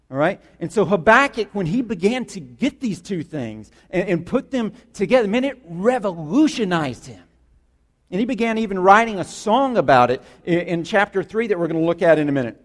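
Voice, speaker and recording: High-voiced male pastor preaching in a hall. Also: expressive, moderate pace. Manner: passionate, conversational, emphatic repetition. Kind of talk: sermon.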